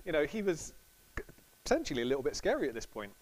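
A man's voice: fairly high pitch, wildly swooping pitch, fast, rough recording. A man giving a casual, chatty sermon to a congregation, acting out quotes with laughs. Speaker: preacher.

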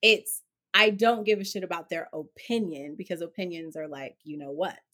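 A woman speaking as an interview guest, outspoken and expressive, with casual swearing. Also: on the low side, moderate pace. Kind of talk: candid conversational interview.

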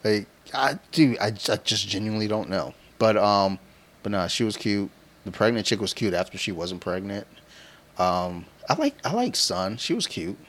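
A man's voice: lowish voice, big pitch swings, normal speed, fairly bright tone. A man co-hosting a podcast, rambling in crude, slangy casual chat. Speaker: podcast co-host.

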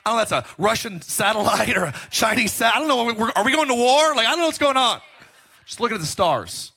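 A middle-aged man preaching a sermon as pastor, telling stories in an animated, joking way. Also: very high-pitched, fast talker, vocal fry, husky. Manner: animated, joking storytelling with laughs.

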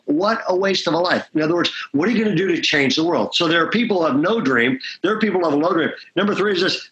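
A man's voice: fairly high pitch, fast, hardly any pauses, a bit bright, lo-fi sound. A middle-aged man preaching as a pastor, telling stories with energy and checking in with frequent asides. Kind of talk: sermon talk at a conference.

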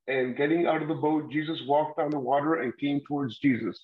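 A man's voice: fairly high pitch, fairly quick, hardly any pauses. A man casually leading a Bible discussion on a podcast, rambling a little, with fillers and the odd laugh. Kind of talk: casual Bible study chat. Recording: slightly muffled lo-fi audio.

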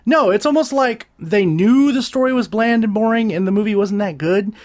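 A man with a high voice talks through his reviews in a loose, rambling way. He swears freely, stumbles over restarts, and gets animated when something annoys him. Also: normal speed. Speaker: podcast host reviewing gadgets and movies. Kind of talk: casual crude review chat.

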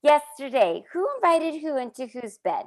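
A woman doing an impression of Janice, a clingy, theatrical young woman, in a high, slow, drawn-out voice. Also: very animated, darkish tone. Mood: indignant.

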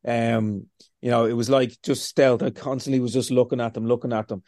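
A man being interviewed, telling lively stories, swearing freely and acting out what he said to himself. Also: mid-range voice, fairly quick, no echo, clean studio sound. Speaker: interview guest. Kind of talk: casual storytelling.

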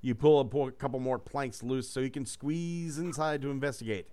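A man with a mellow, medium-pitched voice speaks at a normal speed. He's reading a choose-your-own-adventure book aloud to his friends, throwing in loose, joking, profane asides.

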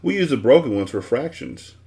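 A man's voice: medium pitch, sing-song, fairly quick, dark tone, pitched above the performer's own voice. A man voicing a grand, proud old male math wizard who bellows his lines in a storybook reading. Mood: booming.

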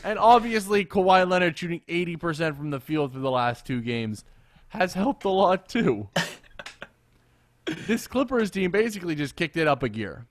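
A man co-hosting a casual sports podcast, animated and quick to laugh, often repeating himself. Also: high voice, no room sound. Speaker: podcast co-host.

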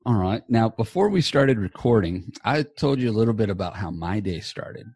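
A man's voice: lowish voice, expressive, moderate pace, darkish tone, slightly rough, no room sound. A man hosting a podcast from a small home office, chatting loosely and casually with a guest and swearing now and then. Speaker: podcast host. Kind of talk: casual chat. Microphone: earbuds.

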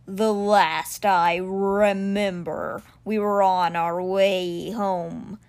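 A woman voicing a stern male stone cheetah, speaking slowly and gravely in a storybook reading. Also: medium pitch, fairly even intonation. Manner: slow, gravelly and solemn. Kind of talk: audiobook reading.

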